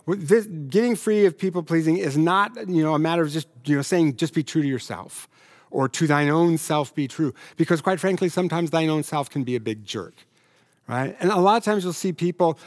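A pastor preaching a sermon in a conversational, humorous way, now and then putting on complaining voices. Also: male voice, fairly high pitch.

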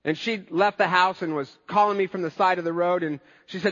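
A higher-voiced man delivering a sermon in an earnest, conversational storytelling manner. His voice carries a long reverb, as in a large hall. The recording sounds somewhat muffled. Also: fairly even intonation, brisk, hardly any pauses, fairly bright tone. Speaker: pastor.

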